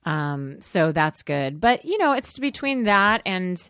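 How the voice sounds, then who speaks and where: A woman's voice: lowish voice, big pitch swings, slow pace, fairly bright tone, smooth, no room sound. A woman in her thirties in casual chat, dry and sarcastic in her banter.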